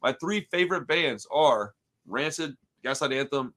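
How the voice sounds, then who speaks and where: This Houston, Texas podcast host, a man in his thirties, tells rambling stories in casual chat, full of "dude," "bro" and swearing. His medium-pitched voice is expressive and a bit bright, moving at a measured pace.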